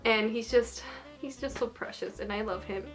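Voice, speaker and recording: A fairly high-voiced young woman chats in a loose, giggly way, piling on "like" as she gushes. Soft music plays faintly under her voice. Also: moderate pace. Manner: gushing and giggly, lots of "like". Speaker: anime vlogger. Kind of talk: casual chat, ranking characters.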